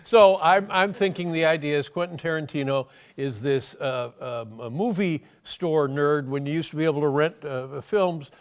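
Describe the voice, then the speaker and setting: An older man, a talk show guest, telling anecdotes in a halting way with many fillers and a dry humor. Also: on the high side, clear, resonant tone. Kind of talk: anecdotal storytelling in interview.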